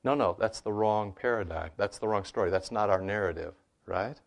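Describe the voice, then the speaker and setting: Animated low-voiced man explaining scripture. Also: normal speed, creaky. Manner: animated, peppered with "you know" and "right?". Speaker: guest answering questions on scripture. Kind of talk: conversational teaching.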